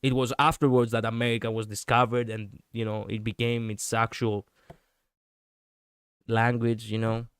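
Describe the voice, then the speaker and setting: Smooth-voiced rambling male streamer. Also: medium pitch, level tone, normal speed, no room sound, clean studio sound. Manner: rambling, chatty, laughs often, self-correcting. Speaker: VTuber streamer. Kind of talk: casual livestream chat reading viewers.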